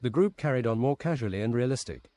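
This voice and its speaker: A man streaming, reading a story aloud in a steady, deadpan way at his desk mic. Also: medium pitch, fast, crowd noise.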